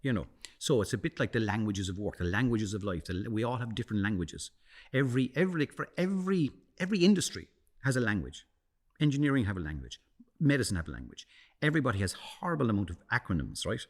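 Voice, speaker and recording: In a relaxed interview, a middle-aged communications coach with a fairly low voice talks at a quick pace. Animated throughout, he acts out the people he quotes and frequently restarts and repeats himself.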